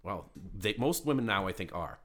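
A man's voice: lowish voice, expressive, moderate pace, a bit bright. A man co-hosting a podcast in casual chat, matter-of-fact, steering the talk with questions. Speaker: podcast co-host.

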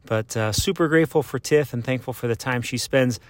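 A man's voice: mid-range voice, fairly quick. A man hosting a casual podcast, upbeat and rambling with fillers. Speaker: podcast host.

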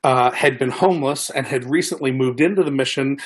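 Husky-voiced man telling a testimony. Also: mid-range voice, a little fast. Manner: animated, acts out quoted dialogue. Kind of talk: personal testimony storytelling.

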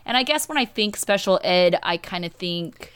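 A chatty woman co-hosts a casual podcast. Her voice sits low and sounds smooth and clear. She talks emphatically and leans on "you know". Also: lively intonation, moderate pace, fairly bright tone. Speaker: podcast co-host; teacher. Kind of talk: casual chat recapping a reality show.

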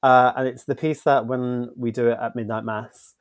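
A man's voice: mid-range voice, little pitch movement, normal speed, dry recording, studio quality. A man co-hosting a chat, talking in a playful, joking way. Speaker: podcast co-host. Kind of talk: casual chat.

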